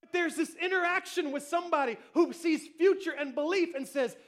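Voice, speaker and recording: A male pastor preaching a sermon, telling family stories with animated energy, shouting cheers and then dropping soft. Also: extremely high pitch, fairly quick.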